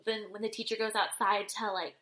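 A woman's voice: mid-range voice, little pitch movement, fairly quick, pushed and bright. A woman co-hosting a casual recap chat, retelling scenes and acting out quotes with frequent laughs. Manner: storytelling, acts out quotes, laughs often. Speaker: podcast co-host.

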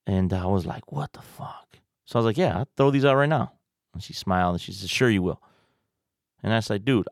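A man with a low, gravelly voice tells a personal story in a loose, rambling way. He swears often and ends his points with quick questions. His voice sits close and dry, with no room around it. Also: darkish tone, dry recording. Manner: profane, rambling, tag questions. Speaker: podcast host. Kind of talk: casual storytelling.

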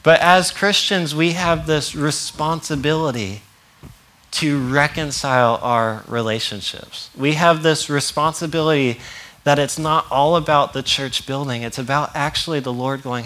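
A man's voice: on the high side, unhurried, bright, forceful tone, a little hiss or hum. Chatty male pastor preaching. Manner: conversational, laughing, acts out quotes. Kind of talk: sermon.

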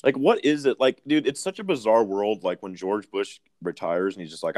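A man's voice: on the low side, normal speed, a little mellow, no echo, studio quality. A young man from Idaho co-hosting a podcast in casual chat, loose and swearing, laughing at his own jokes. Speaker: podcast co-host.

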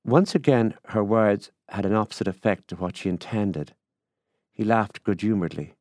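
A man with a very low voice reads a literary short story aloud. He takes it at a measured, unhurried pace. The sound is dry and close. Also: a little mellow, dry recording. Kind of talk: literary reading.

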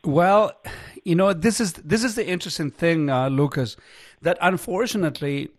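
A man's voice: on the high side, dry recording, studio quality. Earnest talk radio host, man. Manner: earnest, halting, many fillers. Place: radio studio. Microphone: studio microphone.

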